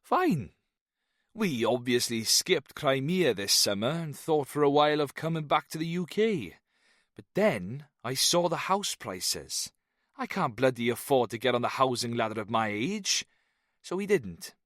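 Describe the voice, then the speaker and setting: A man voicing a jovial fifty-something Welsh man who talks in a slow, lilting way. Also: medium pitch, sing-song, fairly bright tone, no echo, studio quality, voice pushed up. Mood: ranting. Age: 50s. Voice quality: lilting, slow after drinks. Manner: hearty, chatty.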